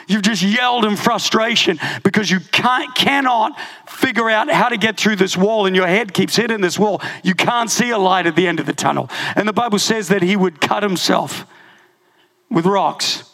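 A man preaching a sermon, telling a personal story with lively humor and frequent laughter. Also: high voice. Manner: animated storytelling, laughing often. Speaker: pastor.

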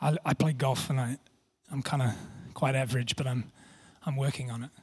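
A man's voice: mid-range voice, fairly even intonation, normal speed, slightly rough. A man preaching a sermon, telling a story with self-deprecating humour and frequent restarts. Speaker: pastor.

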